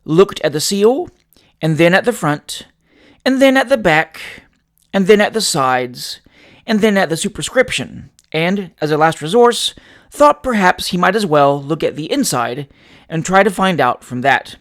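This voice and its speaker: Man, audiobook narrator, classic novel, measured and expressive, fairly high voice. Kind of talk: reading a classic novel aloud.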